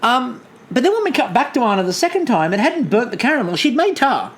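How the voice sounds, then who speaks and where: A woman's voice: fairly high pitch, sing-song, fast. A woman co-hosting a podcast, chatting and joking in a casual way with lots of ums and restarts. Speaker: podcast co-host. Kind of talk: casual chat recapping a baking show.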